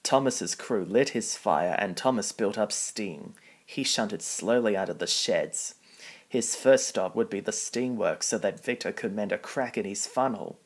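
A man's voice: lowish voice, a little slow. A man reading a children's picture book aloud, plainly, with small slips. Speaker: storybook reader.

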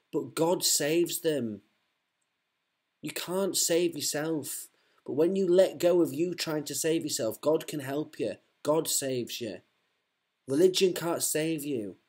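A man's voice: a little high, a little mellow. A man, preaching fervently to one listener, often repeating himself and restarting his sentences.

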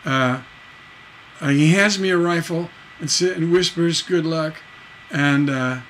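Slow, halting man teaching songwriting. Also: on the high side, a bit bright, a little hiss or hum, low-quality recording. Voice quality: halting, many fillers and restarts. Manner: talks lyrics through slowly, counting beats aloud. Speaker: songwriting instructor. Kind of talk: livestream songwriting lesson.

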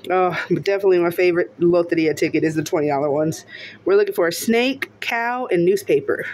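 A woman narrating casually as she scratches lottery tickets, often breaking into excited exclamations and laughter. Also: fairly low pitch, a little fast, a little hiss or hum.

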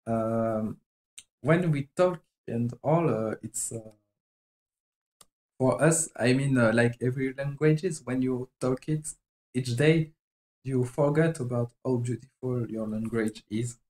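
A man from France with a French accent, a native French speaker, chatting casually on a live stream while he animates. He talks in a halting, chatty way, often searching for words. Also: mid-range voice, a little mellow, poor audio.

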